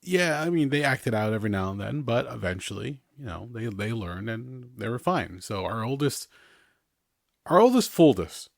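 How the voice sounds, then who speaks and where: A man's voice: on the low side, expressive, moderate pace, vocal fry, few pauses, dry recording, studio quality. A man hosting a podcast in a casual, rambling chat, often chuckling between his remarks. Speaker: podcast host.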